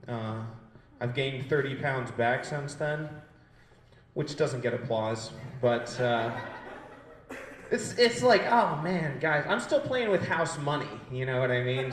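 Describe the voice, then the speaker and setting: A man's voice: mid-range voice, echoey room. A man in his twenties doing a brash, profane stand-up set and riffing with the crowd. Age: 20s. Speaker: stand-up comedian. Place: gallery space used as a comedy stage.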